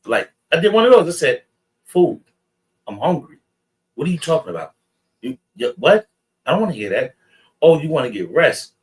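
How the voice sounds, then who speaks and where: A man's voice: medium pitch, far from the mic, rough recording. A man from New York City animatedly telling the class a story, acting out both sides of an argument. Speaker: class member.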